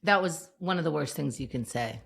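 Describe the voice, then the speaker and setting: A woman's voice: low-pitched, lively intonation, brisk, vocal fry, a bit bright, husky. A woman co-hosting a podcast, casually recapping a TV scene and acting out the lines she quotes. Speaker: podcast co-host.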